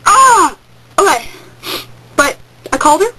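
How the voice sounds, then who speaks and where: A woman's voice: high voice, animated, normal speed, fairly bright tone, slight background noise, poor audio. A teenage girl telling a rambling story on a home webcam vlog, hyper and jumping into sudden squeals. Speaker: vlogger. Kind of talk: casual excited vlog storytelling.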